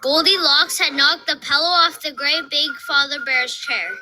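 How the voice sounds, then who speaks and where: A woman narrating a children's story in a clear, lively storytelling voice. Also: high voice, normal speed, hardly any pauses, poor audio. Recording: studio narration with soft music behind.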